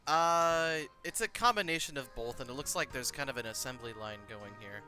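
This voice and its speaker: Guy running a tabletop game, bright forceful voice, loose casual narrating, faint music. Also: mid-range voice, moderate pace. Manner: casual, with frequent filler and restarts. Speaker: game master.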